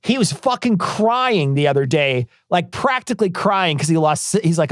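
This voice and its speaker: A man's voice: sits high, animated, no room sound, studio quality. A man co-hosting a podcast, talking casually and profanely about politics with a rambling, mocking manner. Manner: profane, rambling, quick to mock. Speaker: podcast co-host.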